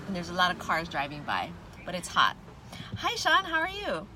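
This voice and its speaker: This livestream host has a fairly low voice with huge pitch swings, delivered at normal speed in a bright, forceful tone. She greets her viewers and laughs often while chatting casually from a parked car with its windows down. Faint traffic sounds come through the open windows.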